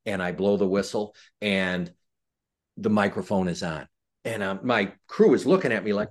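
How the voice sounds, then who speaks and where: A man's voice: lowish voice, moderate pace. Older Chicago man telling referee stories. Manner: animated anecdotes with self-deprecating humor. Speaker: retired football referee, guest. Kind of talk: casual interview storytelling.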